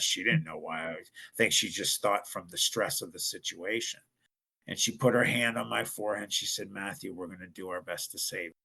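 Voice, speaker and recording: A man's voice: on the low side, gravelly, bright, forceful tone. A middle-aged man from Ohio, a podcast guest telling a personal story in an earnest, emphatic way.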